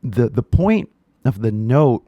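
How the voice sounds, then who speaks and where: A man's voice: medium pitch, big pitch swings, slow, breathy edge, no room sound, muffled recording. A man with a Californian accent teaching English in a casual, slangy way, often checking in with "right?". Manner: laid-back slangy talk, keeps tagging "right?". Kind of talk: casual spoken lesson.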